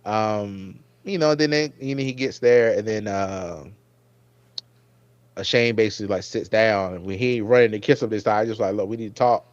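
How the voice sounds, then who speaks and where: A man hosting a casual review chat, rambling and getting animated when he recalls his own reactions. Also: on the low side, moderate pace, dry recording, muffled recording. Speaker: podcast host.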